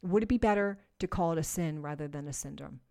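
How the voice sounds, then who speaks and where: A woman preaching a sermon, earnest and emphatic, moving between soft, slow passages and louder, forceful ones. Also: sits low, creaky.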